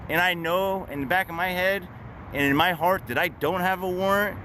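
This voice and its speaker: A man's voice: high-pitched, normal speed, bright, forceful tone. Blunt, profane man vlogging with traffic behind. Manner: blunt, profane street talk with wry laughs. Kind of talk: casual street monologue.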